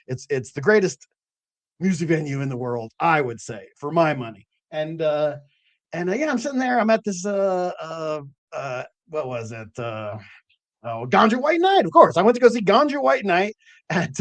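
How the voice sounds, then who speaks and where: This is the host of a late-night cannabis growing show, a man whose slightly high voice wanders loosely through anecdotes, packed with fillers and an odd swear word. There's no room sound.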